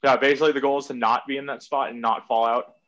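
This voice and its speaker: Podcast guest, man, mid-pitch, easygoing rambling storyteller, swears casually, a bit muffled audio. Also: level tone, quick pace, a bit bright. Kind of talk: casual conversation.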